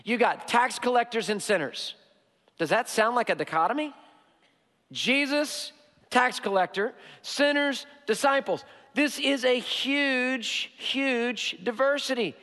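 High-voiced pastor preaching in a reverberant hall. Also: male voice, pushed and bright. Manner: emphatic, repeats key phrases, slows for stress. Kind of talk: sermon. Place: church sanctuary.

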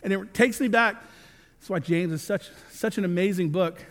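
High-voiced man preaching in a hall. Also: moderate pace. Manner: earnest with joking asides. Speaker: pastor. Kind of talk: sermon. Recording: long reverb of a large hall.

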